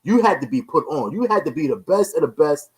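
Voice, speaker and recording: A man's voice: fairly high pitch, expressive, brisk, darkish tone, husky, rough recording. A man hosting a casual podcast chat, emphatic, who keeps checking in with his listeners as he talks. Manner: emphatic, keeps repeating "you know what I'm saying". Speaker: podcast host.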